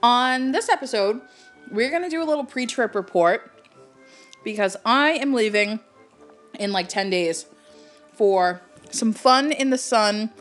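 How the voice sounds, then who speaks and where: A woman from Cape Cod co-hosting a casual podcast, chatty and laughing often with quick asides. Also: fairly high pitch, lively intonation, a bit bright, faint music behind. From Cape Cod, Massachusetts. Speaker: podcast co-host.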